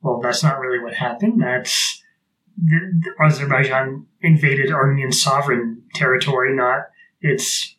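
A man's voice: medium pitch, measured pace, a bit bright, a little hiss or hum, low-quality recording. A man co-hosting a podcast, chatting casually, rambling with sarcastic asides. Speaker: podcast co-host. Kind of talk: casual chat.

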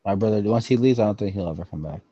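A man's voice: fairly low pitch, very fast, slightly rough, no room sound, dull audio. A young man co-hosting a podcast, chatting casually and swearing freely. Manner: profane, laid-back, bursts into loud acting. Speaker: podcast co-host. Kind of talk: casual chat.

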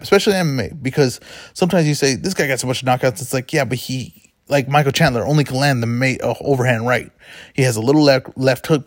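A man's voice: mid-range voice, no room sound, studio quality. A man hosting a casual sports betting talk show, rambling and correcting himself as he goes. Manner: chatty, rambling, self-correcting. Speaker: podcast host.

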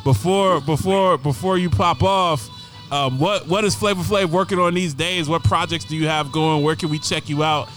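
A man hosting a show, talking in a relaxed, slangy, affirming way to his guest. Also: on the high side, moderate pace, soft background music. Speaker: show host. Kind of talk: casual interview chat.

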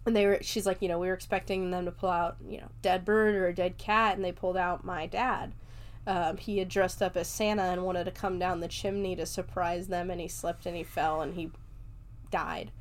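A woman's voice: on the low side, level tone, moderate pace. A woman recapping a movie in a casual chat, loose and talkative, leaning on "like" fillers and laughing often. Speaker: movie reviewer.

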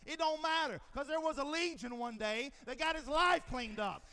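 Preacher, male, very high voice, bright and forceful, dramatic sermon delivery. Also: normal speed, few pauses. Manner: swings from near-whispers to shouted peaks; dramatizes scenes with quoted dialogue.

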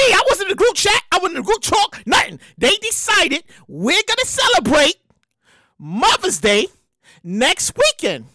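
A woman's voice: high voice, bright, forceful tone, no room sound. A woman hosting a show, ranting in casual, profane talk and repeating herself in exasperation. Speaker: podcast host. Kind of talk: casual comedic rant.

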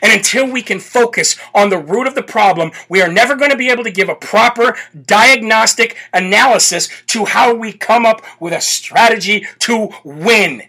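A man's voice: sits high, moderate pace, few pauses, bright, forceful tone. A man hosting a political talk show, ranting in a brash, fired-up way and hammering the same phrases over and over.

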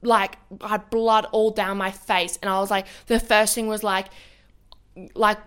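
A woman's voice: medium pitch, flat delivery, unhurried, clean tone. A young woman, a podcast co-host telling a story in casual chat, rambling and swearing a lot.

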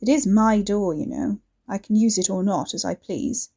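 A woman's voice: medium pitch, vocal fry, mellow, slightly rough. A woman voicing an uncanny, not-quite-human woman who speaks coolly and detachedly, in a storybook reading. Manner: cool, detached, unhurried.

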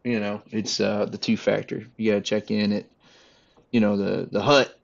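A man chatting casually with friends, relaxed and laughing between points. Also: fairly low pitch, normal speed, gravelly, highs cut off. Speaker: podcast co-host. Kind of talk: casual chat.

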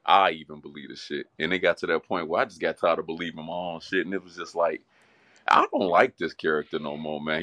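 A man's voice: low-pitched, fairly bright tone, no echo, clean studio sound. A man who raps, guesting on a casual podcast, talking candidly and reflectively with street slang and plenty of swearing. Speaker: guest rapper.

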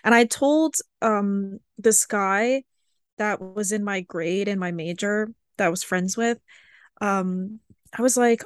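A woman in her twenties, co-hosting a podcast, chatting casually and telling animated stories with lots of fillers. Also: mid-range voice, a little slow, smooth, no echo, studio quality. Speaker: podcast co-host. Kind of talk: casual chat.

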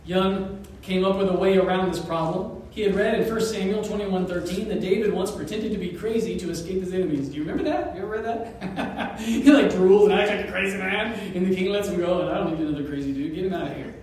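A male pastor preaching a sermon, telling a story with animated asides, chuckles and pauses. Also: sits high, heavy reverb, recorded from a distance, slight background noise, rough recording. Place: church sanctuary.

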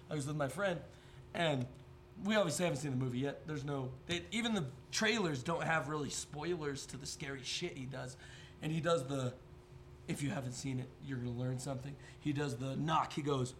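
Young guy ranting and cussing on a podcast, voice a bit high, faint hiss behind. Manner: profane, rambling, jokey storytelling. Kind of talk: casual chat.

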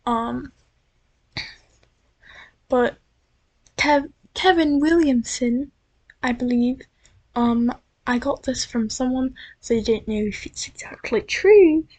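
A woman's voice: high-pitched, slow pace, pauses often, darkish tone. A young American woman with a slight drifting British-sounding accent, rambling casually into her computer's built-in mic at home, chatty and self-deprecating with many restarts. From United States. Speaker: vlogger. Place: at home at night. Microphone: built-in computer microphone.

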